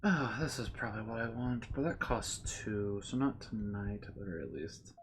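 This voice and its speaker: A man streaming a game, thinking aloud in a relaxed way and reading passages aloud plainly. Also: on the low side, moderate pace, slight background noise. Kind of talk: casual gameplay commentary and prayer reading.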